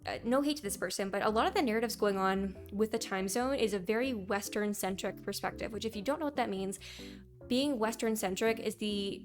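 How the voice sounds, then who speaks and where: Young woman, vlog commentary, opinionated, quick pace, faint music underneath. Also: medium pitch. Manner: opinionated, reads out viewer comments in mocking voices. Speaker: gaming YouTuber.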